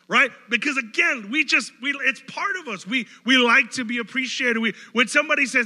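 Animated preacher in an echoing hall. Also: male voice, high voice. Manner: animated, jokey, acts out quick voices. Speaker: pastor. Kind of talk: casual sermon.

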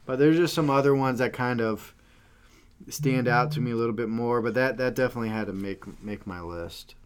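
A man's voice: mid-range voice, fairly quick, clean tone. A man casually co-hosting a podcast, easygoing and hesitant, with many "uh"s and "um"s. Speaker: podcast co-host. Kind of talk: casual movie ranking chat.

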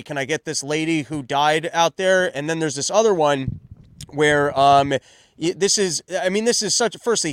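A man hosting a commentary show, talking in a casual, sarcastic riff with a slightly higher voice than most men. The recording is close and dry, with no room around him. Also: smooth, no echo. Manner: sarcastic, animated, riffing.

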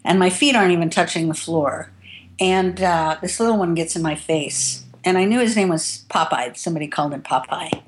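A woman's voice: fairly low pitch, fairly quick, a little hiss or hum. A woman tattoo artist telling stories from her working life in an interview, candid and rambling, with some casual swearing. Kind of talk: interview storytelling.

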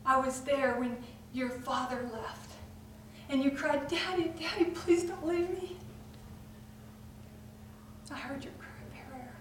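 Jesus, gently whispering, as a preacher voices him. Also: female voice, sits high, fairly even intonation, slow, long pauses, heavy reverb, far from the mic, slight background noise. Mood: tender hushed. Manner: hushed, whispered tenderness. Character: gentle, tender Jesus consoling a woman.

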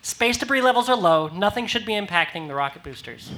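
A woman's voice: mid-range voice, lively intonation, fairly quick, a bit bright, slight background noise, natural voice. A woman playing a sardonic spaceship crew member in an improvised comedy. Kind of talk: improvised comedy role-play.

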